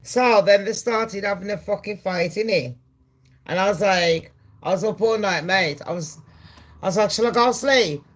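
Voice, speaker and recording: A woman hosting a casual commentary vlog, talking bluntly and profanely in a chatty way, with loud excited bursts. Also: mid-range voice, normal speed. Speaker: channel host.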